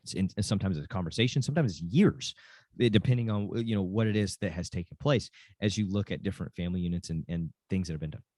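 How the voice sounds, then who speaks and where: A man's voice: sits low, fast talker, darkish tone, dry recording. A middle-aged man, a dad and football coach, giving an earnest, casual talk on parenting, often repeating phrases and restarting sentences.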